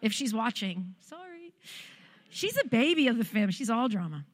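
A woman's voice: fairly high pitch, sing-song, normal speed, in a large hall. A woman pastor preaching a sermon and telling a personal testimony in a conversational, heartfelt way.

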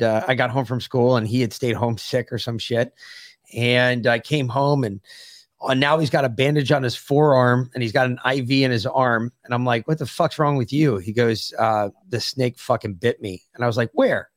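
A man's voice: medium pitch, fairly even intonation, moderate pace, no echo, clean studio sound. A man on a podcast, chatting casually, swearing freely and telling stories. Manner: profane, storytelling. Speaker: podcast guest. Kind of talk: casual chat.

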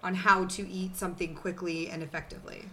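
A woman co-hosting a podcast, chatty and teasing and quick to laugh. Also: lowish voice, little pitch movement, fairly bright tone, a little hiss or hum. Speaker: podcast co-host. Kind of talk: casual chat.

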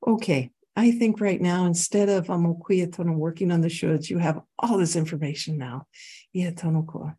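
A spiritual healer leading a workshop talk, weaving chanted syllables into plain speech with a gentle, guiding tone and easy laughs. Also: medium pitch, fairly even intonation, moderate pace, few pauses, breathy edge.

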